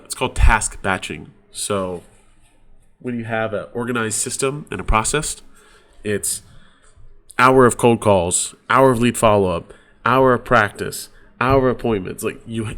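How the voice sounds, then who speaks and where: A man coaching real estate agents in a casual, conversational sales training talk. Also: lowish voice. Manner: casual, conversational, uses sports examples.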